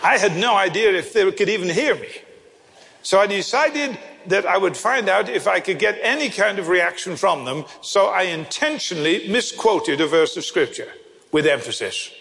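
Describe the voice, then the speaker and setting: An older preacher delivers a sermon with a high, widely swinging voice and a gravelly edge. He acts out the voices in his stories with gusto. The sound carries a long reverb, as in a large hall. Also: moderate pace. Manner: animated storyteller, acts out voices.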